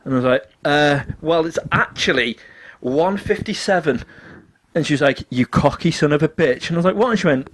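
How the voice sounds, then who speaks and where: A man's voice: on the high side, a little fast, a bit bright, a little hiss or hum. A man telling a funny story in casual chat, acting out the quotes and laughing often.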